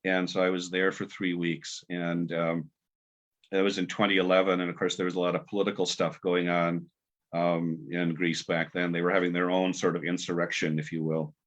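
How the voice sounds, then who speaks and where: A poet guest telling stories in a rambling, halting way with many fillers, heard on a video call. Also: male voice, low voice, little pitch movement. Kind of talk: casual storytelling and poetry reading. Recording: dull lo-fi video call audio.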